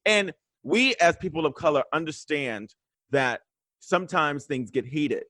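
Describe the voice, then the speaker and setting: Brief: male guest, lively storyteller, slightly high pitch, dry close mic. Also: a little slow, no room sound. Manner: animated storyteller, acts out quotes. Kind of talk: casual storytelling chat. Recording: remote video call.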